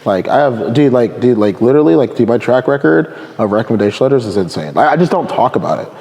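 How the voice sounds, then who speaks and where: A man's voice: mid-range voice, animated, fast, mellow. A man in his thirties from California, telling stories in casual podcast chat, rambling and laughing, with lots of "like" and "dude". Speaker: podcast guest.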